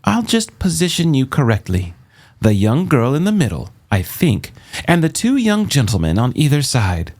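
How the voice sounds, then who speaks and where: A man's voice: medium pitch, wildly swooping pitch, moderate pace, darkish tone, voice pushed up. A man reading an audiobook, voicing an old female gorgon who coaxes in a purring, soothing tone. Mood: sweetly coaxing. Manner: purring, coaxing.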